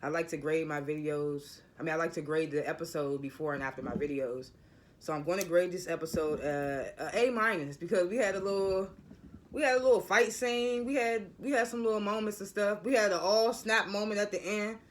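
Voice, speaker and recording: A man with a notably high voice talks through a TV episode in a loose, rambling way. He stutters and doubles back on his words often, keeping it casual and unscripted. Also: fairly quick, a little hiss or hum. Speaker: TV episode reviewer. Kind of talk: casual spoiler recap.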